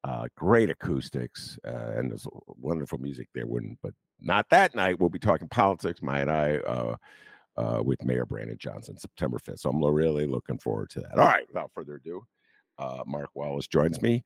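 An older man hosting a casual political talk show, joking and swooping into high teasing asides. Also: expressive, normal speed, gravelly, no echo, clean studio sound. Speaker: podcast host.

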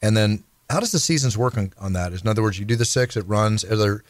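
A man's voice: fairly low pitch, fast talker, dry recording. A man hosting an interview, telling eager stories and asking his guests questions. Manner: eager storyteller, asks questions. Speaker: podcast host.

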